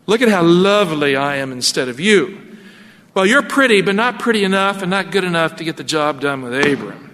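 A man's voice: fairly high pitch, animated, a little fast, fairly bright tone, long reverb tail, a little hiss or hum. A preacher voicing a boastful pregnant young slave woman who taunts her mistress in a sing-song way. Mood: taunting.

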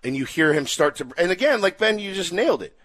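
A man's voice: high-pitched, quick pace. A male radio host animatedly telling a funny story in casual chat, acting out quotes. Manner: excitable, acts out quotes, laughing.

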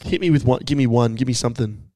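A man's voice: mid-range voice, fast talker, dark tone, dry recording. A man co-hosting a podcast, jumping in with eager reactions and prompting the others. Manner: eager interjections, urges the others on. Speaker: podcast co-host. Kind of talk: casual podcast chat.

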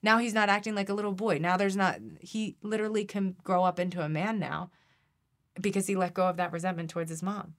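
A woman energy healer, a podcast guest, talking earnestly and animatedly in an interview, repeating phrases and dropping to a hushed voice when she recites a prayer. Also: mid-range voice, fairly even intonation, brisk. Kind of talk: conversational interview.

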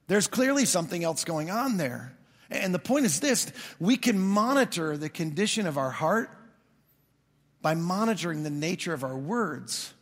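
Guy preaching, chatty and funny storyteller, pretty high voice, big echoey church sound. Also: animated, a little fast, a bit bright. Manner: conversational, storytelling with humor. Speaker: pastor. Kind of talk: sermon. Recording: long hall reverb.

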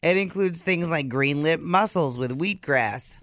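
A man's voice: on the high side, a little slow, fairly bright tone, no echo, studio quality. A man co-hosting a morning show podcast, reading out odd news stories with sardonic asides. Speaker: co-host. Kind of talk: casual morning show banter.

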